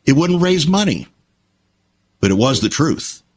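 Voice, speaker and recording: A man's voice: on the high side, sing-song, unhurried, breathy edge. An older man, a Christian broadcaster, telling stories in an earnest, emphatic way on a conversational talk show.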